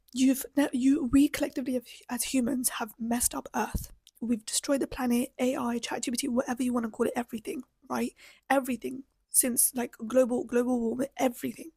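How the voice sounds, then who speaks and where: A woman hosting her own podcast, delivering a heated, profane, repetitive rant while her voice is going hoarse. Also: sits high, level tone, moderate pace, dark tone, dry recording. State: losing her voice. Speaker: podcast host. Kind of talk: solo ranting commentary.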